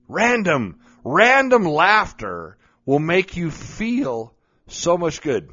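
A man's voice: on the high side, big pitch swings, takes it slowly, fairly bright tone. A middle-aged man talking casually and playfully, joking and laughing often as he gives advice on being goofy. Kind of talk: casual monologue. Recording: dull lo-fi recording.

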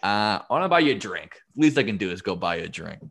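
A man's voice: lowish voice, big pitch swings, fast, vocal fry, fairly bright tone, exaggerated voice. A man voicing a cocky male king of the gods, speaking in a breezy, offhand way.

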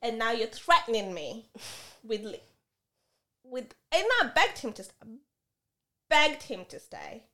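Animated woman podcast co-host telling a story. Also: a little high, slow pace, long pauses. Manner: animated storytelling, acting out both sides of an argument. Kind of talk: casual podcast chat.

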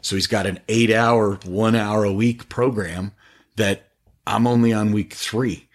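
A middle-aged man talking about faith on a podcast with eager, animated, preachy storytelling. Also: on the low side, measured pace. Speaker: podcast guest, faith-based business owner. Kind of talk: casual podcast conversation.

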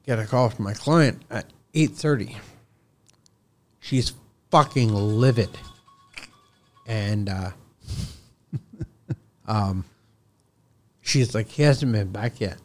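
A man's voice: fairly low pitch, takes it slowly, pauses often, a little mellow. A contractor guest on a podcast, telling a story in casual talk, heated and profane, acting out both sides of his phone calls.

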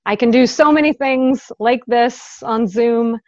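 A chatty woman with a slightly high voice chats as an interview guest, laughing often and filling pauses. Her voice is dry and close, but the sound is dull and lo-fi, as over a video call. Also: no echo. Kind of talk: casual interview chat.

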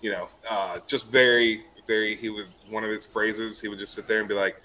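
A man's voice: on the low side, level tone, a little fast, pushed and bright, a little hiss or hum, rough recording. A man, a podcast guest, telling rambling stories about bartending in a casual chat. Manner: rambling, laughing storyteller full of "like" and "you know".

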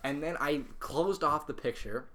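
A young man co-hosting a podcast, telling a story in an animated way, swearing freely and laughing as he talks. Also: a little high, normal speed. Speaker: podcast co-host.

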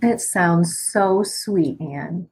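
Husky, deep-voiced woman co-host. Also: very slow, rough recording. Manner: warmly supportive, affirming listener. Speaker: podcast co-host. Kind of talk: casual podcast chat.

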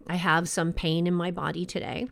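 A woman hosting a show, giving an earnest, reflective motivational talk in a conversational way, slowing down to stress key words. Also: fairly low pitch, little pitch movement, creaky, fairly bright tone. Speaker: podcast host.

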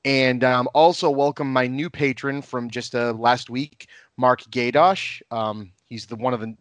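A man hosting a casual podcast, relaxed and laughing often, with plenty of fillers. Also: mid-range voice, dry recording. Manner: laid-back, laughs often, many fillers. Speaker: podcast host.

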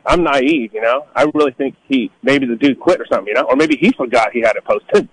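A middle-aged man from Northern California in a casual storytelling talk, animated, acting out the people he quotes in a higher voice. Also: fast talker, slightly rough, poor audio. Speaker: guest telling life stories.

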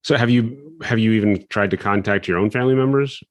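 A man's voice: fairly low pitch, brisk, dry recording. A man hosting an interview, asking casual, curious questions.

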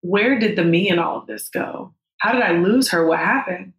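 A woman's voice: medium pitch, moderate pace. A woman in her thirties telling a personal story as a podcast guest, candid and emotional, with frank swearing. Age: 30s. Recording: roomy echo.

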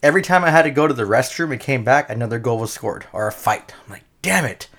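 A man co-hosting a casual sports podcast, excitable and chatty, laughing often. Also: medium pitch, quick pace. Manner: excitable, swears, laughs often, gets emotional. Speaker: podcast co-host.

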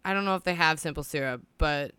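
A woman's voice: low-pitched, fast, pushed and bright, clean tone, no echo. A woman co-hosting a casual podcast, giggly and rambling, swearing now and then. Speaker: podcast co-host. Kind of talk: casual chat.

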